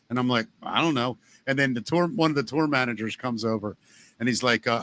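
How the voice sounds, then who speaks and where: A man hosting a podcast in casual chat, telling animated stories and swearing freely. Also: mid-range voice, moderate pace. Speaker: podcast host.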